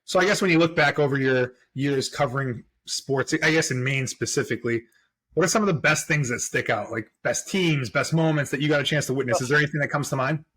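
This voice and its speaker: A man hosting a podcast, asking easygoing questions in a relaxed, casual interview style. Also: medium pitch, fairly quick, a little hiss or hum. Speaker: podcast host.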